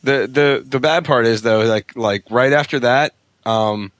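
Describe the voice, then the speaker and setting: A young man co-hosting a casual gaming podcast, excitable and quick to laugh. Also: medium pitch. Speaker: podcast co-host.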